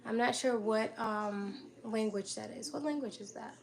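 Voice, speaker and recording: A young woman with a slightly high voice hosts a relaxed cooking live stream from her home kitchen. She chats to viewers by name and laughs easily between steps. Dishes and pans clatter clearly behind her. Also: moderate pace. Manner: chatty, greets viewers by name, laughs often. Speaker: livestream host cooking dinner. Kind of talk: casual live-stream chat while cooking. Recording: kitchen clatter and household noise in background.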